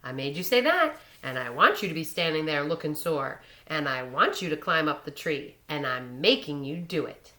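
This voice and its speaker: A woman voicing a young boy who gleefully taunts his friends in a loud, sing-song, mocking way. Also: deep voice, very animated, normal speed, few pauses, full character voice. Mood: gleeful taunting.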